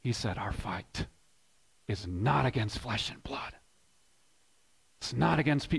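A man preaching a sermon as pastor, swinging between loud emphatic bursts and hushed low lines, often repeating words as he builds a point. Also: expressive, slow pace, vocal fry, pauses often, husky. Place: church sanctuary.

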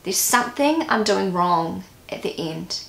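A New Zealand woman talks casually to her vlog audience, her New Zealand English accent edged with a gravelly fry. She muses aloud and picks apart her own attempts, and the room around her rings with noticeable echo. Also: medium pitch, expressive, measured pace, a bit bright. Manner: self-critical, musing aloud, repeats words to practise. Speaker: vlogger. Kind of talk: casual vlog, pronunciation practice.

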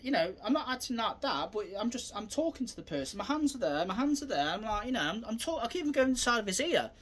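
Rambling, animated self-defence man. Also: extremely high pitch, quick pace. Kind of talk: casual demonstration to camera.

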